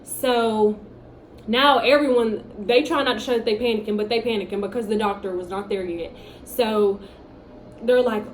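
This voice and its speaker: A young woman telling her own story in a casual, animated way, acting out what people said. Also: a little high, moderate pace. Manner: animated, chatty storytelling with acted-out quotes. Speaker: vlogger. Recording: echoey room with faint background hum.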